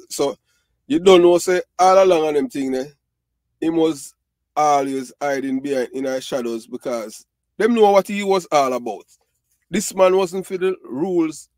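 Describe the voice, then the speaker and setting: A man's voice: a little high, no room sound. A middle-aged Jamaican man hosting his channel, talking casually and animatedly to viewers, repeating himself and mixing in Patois with many fillers. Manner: animated, repetitive, Patois-mixed talk with frequent fillers. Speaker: channel host.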